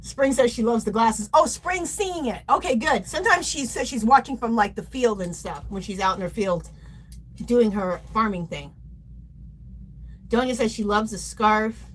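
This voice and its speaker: A woman's voice: a little high, lively intonation, normal speed, breathy edge. A woman hosting a casual craft livestream, chatty and playful, reading viewer comments aloud and laughing often. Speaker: livestream host.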